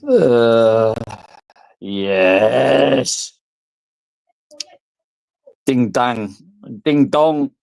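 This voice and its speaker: A man's voice: mid-range voice, unhurried, pauses often, a little mellow, dry recording. A drunk man, rambling crudely and giggling through a casual vlog chat. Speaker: vlogger.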